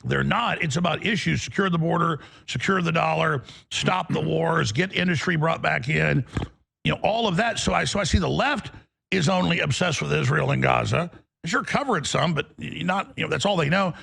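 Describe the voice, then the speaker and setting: A man's voice: a little high, moderate pace, creaky, a bit bright, breathy edge. A man hosting a political talk show, rambling and restarting his sentences as he goes.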